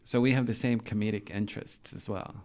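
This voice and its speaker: A man with a fairly low voice hosts a relaxed podcast interview. He keeps the talk moving with quick questions, dropping "okay" and "dude" throughout. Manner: chatty, asks many questions, says dude and okay a lot. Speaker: podcast host. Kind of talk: casual interview chat.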